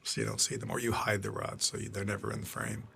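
A man's voice: lowish voice, monotone, fast talker, gravelly, bright, forceful tone. An older man, a film producer, telling rambling behind-the-scenes stories on a commentary track, often restarting and quoting people. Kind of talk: DVD commentary storytelling.

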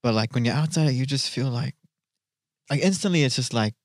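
A man's voice: medium pitch, a little fast, dry recording, studio quality. A young man with a New Zealand accent, a dancer guest on a podcast, rambling enthusiastically with lots of filler words. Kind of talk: casual podcast chat.

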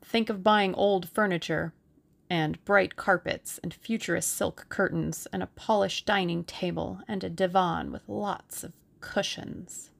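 A spirited young Englishwoman from a storybook, playful and coy, whose lines lilt up and down, as a woman reader acts her out. The voice is slow and carries a gravelly grain. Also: medium pitch, big pitch swings, pitched above the performer's own voice. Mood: dreamy. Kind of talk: audiobook character reading.

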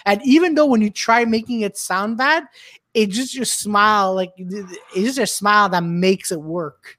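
A man's voice: sits high, moderate pace, sharp tone. A man in a casual comedy chat, stammering and repeating words as he gives a fellow comic encouraging feedback. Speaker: podcast co-host.

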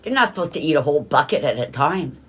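A woman co-hosting a radio talk show, chatting casually with quick, easygoing reactions. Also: sits low, animated. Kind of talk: casual on-air banter.

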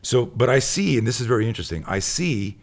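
A man's voice: medium pitch, very animated, quick pace. A man who works as a tactical instructor, telling a rambling story in casual conversation and acting out the people in it. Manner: rambling, goes off on tangents; acts out the people in his stories.

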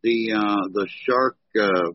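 Husky middle-aged American man rambling. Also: lowish voice, slow. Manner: rambling, hunts for words with many fillers. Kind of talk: casual chat. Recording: dull lo-fi sound.

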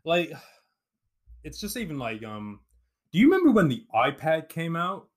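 With fairly high pitch and big swings in it, a man speaks at a moderate pace. He's a podcast host in his twenties, English by birth and raised in New Zealand, chatting casually on a remote call, rambling with many fillers and restarts.

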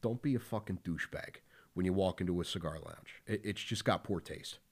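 A man from the Philadelphia area hosts a podcast with a deep voice and a brisk pace. His casual talk is blunt and profane, full of fillers.

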